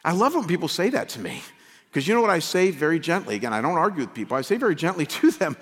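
A male pastor preaching with a lively, swooping voice that is bright and a little high for a man. He builds to loud, fervent peaks and then drops to hushed, earnest stretches. His words ring out with the long reverb of a big sanctuary. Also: fast. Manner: impassioned, rising to near-shouting peaks then dropping quiet. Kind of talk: sermon. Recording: long reverb of a large hall.

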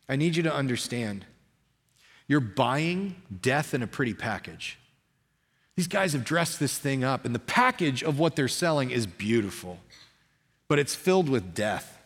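A man preaches to his congregation with a middle-pitched voice, speaking casually and with energy, often restarting his sentences. His voice carries a long reverb from the hall. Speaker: pastor. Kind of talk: sermon.

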